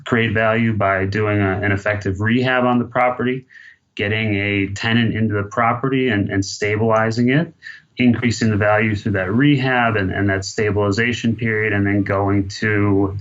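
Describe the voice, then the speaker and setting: A man answering interview questions in a low voice, measured and explanatory, leaning on filler phrases. The sound is dull and lo-fi, like a remote connection. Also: steady tone, a bit bright. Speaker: guest, real estate investor.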